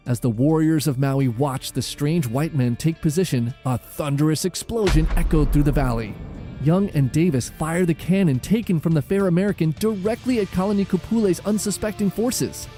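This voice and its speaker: A man giving dramatic, measured scripted narration of a history documentary. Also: fairly high pitch, dark tone. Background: faint music.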